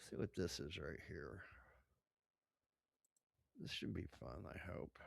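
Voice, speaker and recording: A man's voice: low-pitched, animated, takes it slowly, gravelly, slightly rough, no room sound. A man streaming live, chatting casually with profane, rambling asides at his desk microphone.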